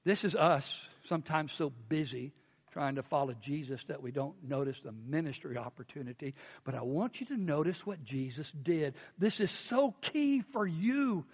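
High-voiced preacher in a reverberant hall. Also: male voice, moderate pace, slightly rough. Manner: animated preacher asking the congregation questions. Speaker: pastor. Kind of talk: sermon.

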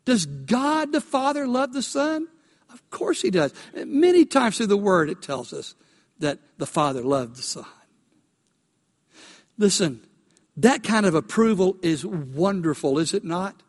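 A male pastor preaching a sermon. He builds to emphatic, almost shouted peaks and asks the congregation questions. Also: sits high, big pitch swings, a little slow, pauses often, big-room sound. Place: church sanctuary.

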